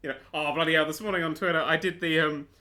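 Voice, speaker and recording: A man's voice: fairly high pitch, steady tone, quick pace, sharp tone. A man hosting a podcast in casual chat, rambling and swearing freely. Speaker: podcast host. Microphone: desk mic, clicky keyboard nearby.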